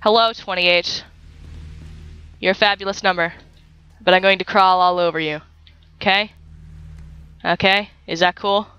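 A young woman giving playful, excitable commentary while playing a video game, joking and talking to the creatures she meets. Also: lowish voice, unhurried, pauses often, clean tone, dull audio. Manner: giggly, silly and excitable, talks to game creatures. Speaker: gaming YouTuber.

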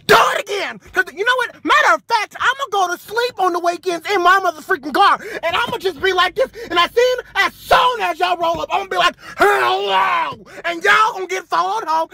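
A man playing a loud, sassy, heavyset woman with a hot temper, ranting in a comedy sketch. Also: expressive, brisk, gravelly, few pauses, a little hiss or hum, heavily acted. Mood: furious. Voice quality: shrill, yelling rants.

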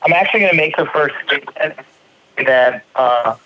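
A man hosting a podcast in a casual, jokey way, often halting and restarting. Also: on the high side, expressive, pushed and bright, highs cut off, a little hiss or hum. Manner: jokey, halting, stumbling over words. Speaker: podcast host.

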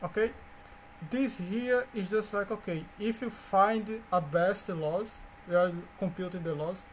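A man whose first language is Portuguese, teaching a coding lecture in a halting way, with fillers, restarts and repeated words. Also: high voice, a little hiss or hum. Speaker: course instructor.

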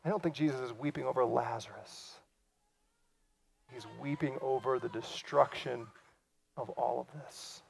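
A man preaching a sermon, acting out quoted lines and swinging from loud cries to hushed, near-whispered passages. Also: mid-range voice, unhurried, vocal fry, long pauses. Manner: acts out quoted lines in lively voices. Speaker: pastor.

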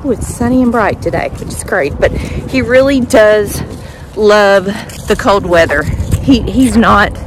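A woman's voice: medium pitch, unhurried. A woman chatting casually while she walks her dogs through the neighborhood. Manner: chatty, praises dogs in a sing-song voice. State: a bit out of breath after sprinting. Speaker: vlogger walking her dogs. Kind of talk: casual chat while walking. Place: outdoors on a neighborhood street. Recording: outdoor background noise.

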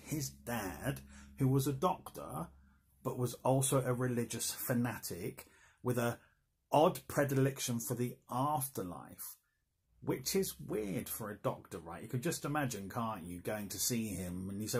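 A man's voice: mid-range voice, lively intonation, moderate pace, breathy edge. A man giving a casual, jokey online art history lecture, chatting and laughing at his own asides.

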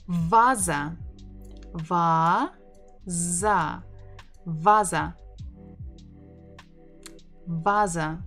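Woman teaching a language lesson, says every word twice, really slow, faint music in the back. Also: mid-range voice. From Russia. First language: Russian. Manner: slow, repeats each word for learners to echo.

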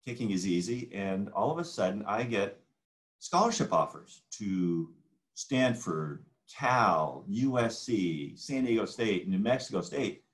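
A man in his sixties spins anecdotes as an interview guest, his low voice rising and falling with lively swings. He slips into the people in his stories as he tells them. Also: unhurried. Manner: animated anecdotal storyteller who acts out quoted dialogue. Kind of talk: casual interview storytelling.

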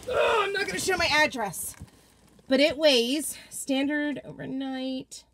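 A woman hosting a casual livestream, chatty and excitable, out of breath as she greets viewers by name. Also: high-pitched, a little slow, noisy background. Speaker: craft vlogger hosting a livestream.

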